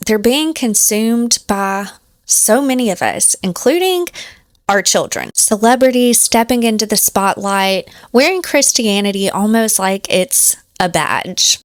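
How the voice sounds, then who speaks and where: A woman's voice: a little high, dry recording, clean studio sound. A woman host giving earnest, reflective commentary on faith and fame. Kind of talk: commentary narration.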